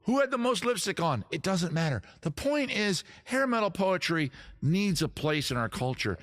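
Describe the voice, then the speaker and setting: A man's voice: high voice, sing-song, normal speed, fairly bright tone. A middle-aged man hosting a casual comedy stream, rambling and jokey, with playfully grandiose announcements. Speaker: host.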